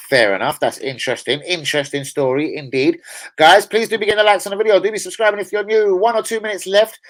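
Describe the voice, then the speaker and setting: A man's voice: high voice, fast, poor audio. A young adult man hosting a football fan livestream, chatting casually with heavy swearing and rambling banter. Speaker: football fan channel host.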